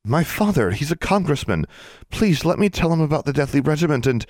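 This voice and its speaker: A man's voice: a little high, sing-song, a little fast, a little mellow, no room sound, clean studio sound, voice pushed up. A man voicing an anxious schoolgirl who pleads and stumbles over her words. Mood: pleading. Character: anxious girl, congressman's daughter.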